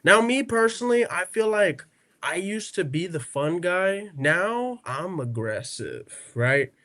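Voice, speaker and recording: A man's voice: high voice, slow pace. A man telling stories on a casual podcast, acting out the people in them and tagging lines with "right?" and "okay?". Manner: animated storyteller who acts out quotes; peppers speech with "right?" and "okay?". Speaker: podcast co-host.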